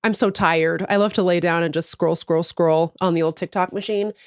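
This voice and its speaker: A podcast co-host with a fairly low, clear, resonant voice tells a story at a moderate pace in relaxed, comedic conversation. She laughs frequently and performs the voices of the people in her tale. The sound is clean studio audio with no room tone.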